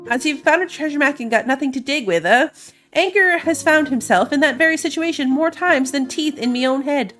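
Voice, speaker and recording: A woman's voice: high voice, brisk, fairly bright tone, soft background music, voice pushed up. A woman voicing an old male shark pirate who is jolly and boastful, talking in a hearty pirate drawl with laughs.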